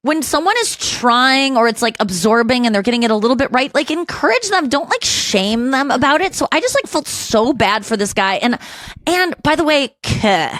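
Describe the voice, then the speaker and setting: A woman's voice: moderate pace, no room sound. A woman podcast host in her forties, telling a story in casual chat and acting out the people she quotes. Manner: animated storytelling, acts out quotes in a higher voice.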